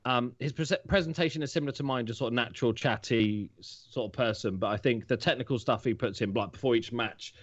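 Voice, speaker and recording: A man's voice: medium pitch, quick pace, few pauses, no room sound. A man who is a guest on a podcast, rambling along with plenty of fillers. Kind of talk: casual podcast chat. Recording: dull, dry lo-fi mic.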